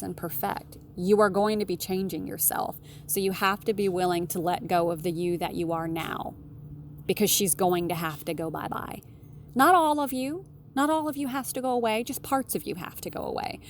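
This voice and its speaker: A woman relationship consultant giving blunt, candid advice in a solo monologue, swearing casually and jumping up in pitch for emphasis. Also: gravelly, a little hiss or hum. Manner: animated, with sudden emphatic jumps in pitch.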